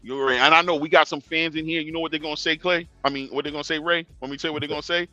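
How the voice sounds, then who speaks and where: A man's voice: on the high side, fairly even intonation, racing, sharp tone, dry recording, faint music behind. A young man hosting a boxing talk stream in casual street slang, lecturing fighters directly and chuckling. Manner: slangy, talks straight to fighters, chuckling asides. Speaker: boxing show host.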